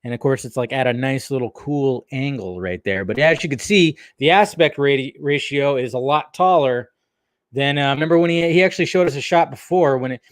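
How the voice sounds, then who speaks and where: A man rambles through a casual live stream, chatting straight to his viewers in a relaxed, unscripted way. His voice sits at a middle pitch. The sound is dry and close, with almost no room echo. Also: fairly quick. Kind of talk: casual livestream chat.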